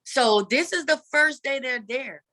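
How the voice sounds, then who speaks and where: A woman guest telling a candid personal story in an earnest, animated way. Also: high-pitched, unhurried. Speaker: guest advocate.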